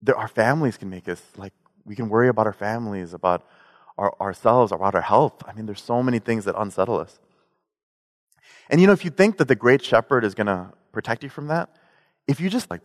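A man giving a sermon in a relaxed, conversational way, mixing in jokes and personal stories. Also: on the low side. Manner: conversational, joking storytelling. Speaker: pastor. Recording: long hall reverb.

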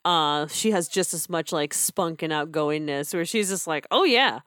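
Chatty low-voiced woman, laughing often. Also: fairly even intonation, moderate pace, clean tone, no room sound, studio quality. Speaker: podcast co-host reviewing theater. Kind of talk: casual chat.

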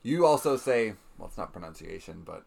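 A man's voice: on the low side, sing-song, fairly quick, gravelly, a little mellow, slightly rough. A man co-hosting a podcast who chats casually, teases his co-host and laughs often. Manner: easygoing, laughs often, teasing. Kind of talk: casual chat.

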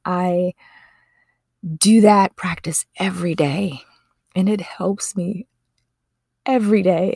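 A woman with a slightly low voice hosts her podcast in an earnest, heartfelt manner. She often stops to correct herself mid-sentence. The sound is dry and close. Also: steady tone, slow, vocal fry, long pauses, warm tone, slightly rough, no echo. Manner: earnest, emotional, self-correcting. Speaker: podcast host. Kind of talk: casual podcast monologue.

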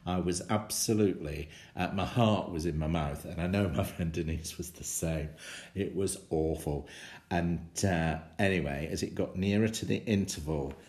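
A man telling a personal anecdote in a lively way, often chuckling as he speaks. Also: deep voice, moderate pace. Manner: animated storyteller, chuckles often. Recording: roomy echo.

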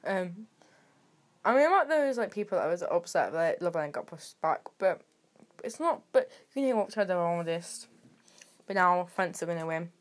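A British teenage girl hosting her own podcast, rambling and sarcastic, with sudden jumps in loudness. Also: lowish voice, expressive, normal speed. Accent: British English. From Britain. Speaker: podcast host. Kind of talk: casual solo podcast chat.

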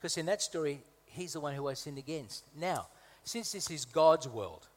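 A man's voice: on the high side, lively intonation, moderate pace. A man from Malta, a guest preacher, delivering a conversational sermon with humorous asides and emphatic repetition. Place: church hall. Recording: reverberant hall.

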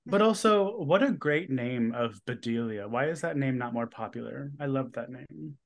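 A man talking casually about a movie in a relaxed way, with many "like"s. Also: medium pitch, normal speed, vocal fry. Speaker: podcast co-host.

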